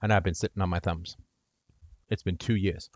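A man hosting a call-in show, giving impassioned advice and speaking to the caller's brother in role-play, swinging from loud to hushed. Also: low-pitched, steady tone, normal speed, no room sound.

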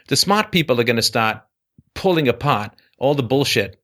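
A man's voice: medium pitch, lively intonation, normal speed, fairly bright tone. A man hosting a call-in show, talking emphatically and acting out quoted voices. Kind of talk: casual call-in conversation.

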